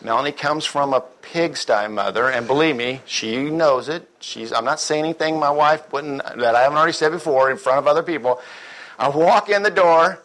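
A man's voice: on the high side, normal speed, a bit bright. A middle-aged man giving a conversational sermon, telling everyday stories, acting out the people in them and asking rhetorical questions. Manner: storytelling, mimics voices, rhetorical questions. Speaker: church speaker.

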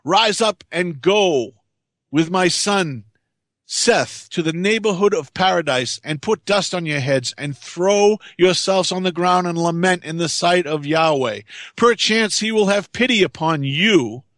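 Guy reading old adam in pain, begging, slow, a bit high voice. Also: expressive, a bit bright, dry recording, clean studio sound. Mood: suffering. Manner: suffering, imploring, archaic speech. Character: Adam, aged first man in pain.

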